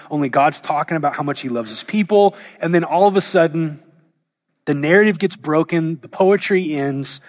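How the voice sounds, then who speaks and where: A man preaching a sermon in a conversational way, paraphrasing God's words in everyday speech and slowing down to stress key lines. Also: fairly high pitch. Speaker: pastor.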